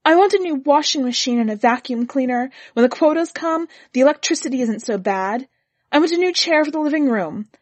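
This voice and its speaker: A woman voicing a tense young wife in a read-aloud story, pitching her voice higher and speaking with earnest strain. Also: lively intonation, brisk, no echo. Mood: pleading. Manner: earnest, strained, rising to anger.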